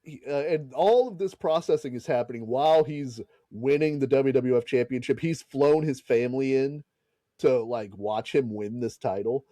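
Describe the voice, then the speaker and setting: A man's voice: mid-range voice, moderate pace, dark tone, no room sound. A man hosting a podcast, casually retelling a story and laughing and swearing as he goes. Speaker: podcast host.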